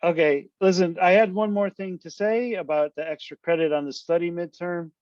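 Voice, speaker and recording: A man giving a relaxed online university lecture, his voice sitting a little high for a man. He talks loosely and conversationally, tacking "right?" onto his points. The audio is dry and slightly dull, as if captured through a video call. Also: normal speed, dry recording. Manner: loose, conversational, full of tag questions. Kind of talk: casual online class lecture.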